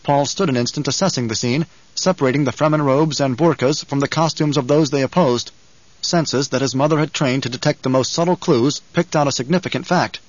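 A man reading scripted audiobook narration in a measured, dramatic way. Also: mid-range voice, dry recording, lo-fi sound.

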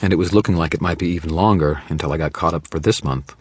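A man reading a first-person audiobook narration in a wry, deadpan manner. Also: extremely low pitch, quick pace, slightly rough, no echo.

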